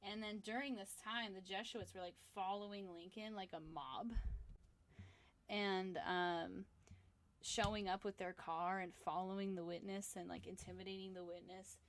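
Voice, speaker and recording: A woman's voice: mid-range voice, steady tone, normal speed, slight background noise. A young woman artist rambling through a story in casual chat while she draws, tired and sleepy, with lots of fillers. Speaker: comic artist livestreaming a drawing session.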